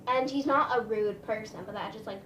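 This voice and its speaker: A woman's voice: medium pitch, fairly quick, fairly bright tone, distant mic. A woman telling a story in a casual, rambling way, full of "like" and "um". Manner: chatty, rambling, lots of "like" and "um". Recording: roomy, a little off-mic, faint room noise.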